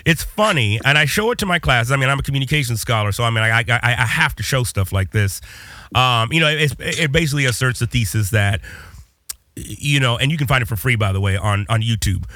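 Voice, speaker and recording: Animated rambling man hosting a chat. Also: medium pitch, brisk, dry recording. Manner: animated, rambling with many restarts. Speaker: podcast host and communications professor. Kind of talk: casual podcast conversation.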